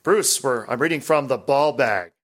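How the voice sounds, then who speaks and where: A man hosting a casual pinball podcast, chatty and rambling, animated as he talks. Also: mid-range voice, moderate pace. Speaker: podcast host.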